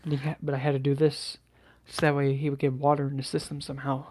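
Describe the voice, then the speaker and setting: A man telling a personal story to camera in a halting, hesitant way, with many restarts and sighs. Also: medium pitch, completely flat delivery, darkish tone, a little hiss or hum. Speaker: channel host.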